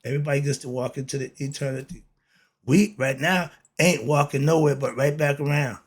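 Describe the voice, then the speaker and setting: Speaking directly to his audience in a monologue, a self-styled teacher preaches bluntly with street slang and plenty of rhetorical questions. His voice is medium in pitch, a bit fast, and breathy at the edges.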